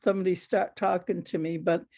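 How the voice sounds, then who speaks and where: A woman storyteller answering audience questions over a video call in an unhurried, easygoing way. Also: fairly low pitch, level tone, a little mellow.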